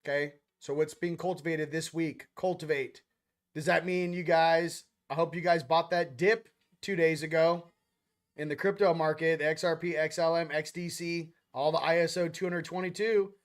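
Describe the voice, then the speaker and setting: A man's voice: on the high side, fairly even intonation, moderate pace. A young man hosting a casual spiritual livestream monologue, loose and slangy, rambling with quoted asides. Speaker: spiritual channel host.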